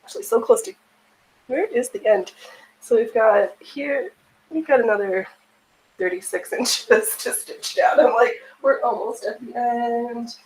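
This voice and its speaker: Woman livestream host, high and unhurried, chatty and giggly, echoey room. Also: darkish tone, slight background noise. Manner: chatty, laughs often, answers chat aloud. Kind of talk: casual chat while sewing on stream. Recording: echoey room with faint ambience.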